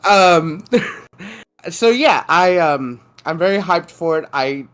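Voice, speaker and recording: A man co-hosting a casual podcast chat, excitable and rambling, laughing often and swearing freely. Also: fairly high pitch, slow. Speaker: podcast co-host.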